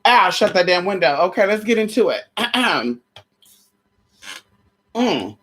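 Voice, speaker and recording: Profane sermon rant, sassy, honey and girl, stammering restarts, ow shouts, slow scripture reading, tired. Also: mid-range voice, big pitch swings, husky. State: tired and sweaty. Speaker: vlogger preaching to viewers.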